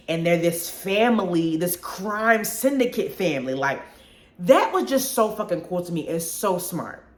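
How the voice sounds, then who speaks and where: A woman hosting a solo movie review show, talking casually and expressively with slang, restarts. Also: on the low side. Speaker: podcast host reviewing movies. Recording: roomy echo.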